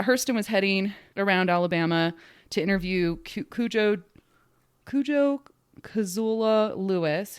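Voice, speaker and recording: A woman hosting a relaxed history podcast, talking in a chatty, storytelling way. Her voice sits a little low. She often slips into quick acted quotes from the people she describes. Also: clear, resonant tone. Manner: chatty, animated, acts out quotes. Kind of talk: casual history chat.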